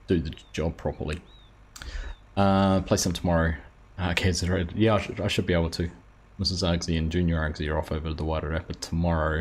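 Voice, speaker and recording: Brief: New male streamer, deep voice, easygoing live commentary, faint hiss underneath. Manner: chatty, greets viewers by name, relaxed. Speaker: streamer, host of a live farming game stream. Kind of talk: casual live-stream commentary while playing.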